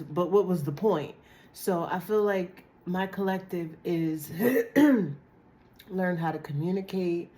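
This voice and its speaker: A woman with a dry, raspy, hoarse voice giving a blunt, chatty tarot reading to camera. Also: lowish voice, takes it slowly, dark tone. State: hoarse from a cold. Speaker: tarot reader.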